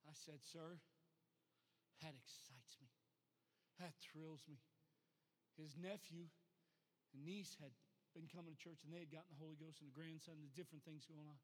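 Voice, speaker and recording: A man, a pastor, preaching a sermon. He talks plainly at times and builds to loud, rhythmic preaching at others. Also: a little high, steady tone, normal speed, long pauses, big-room sound.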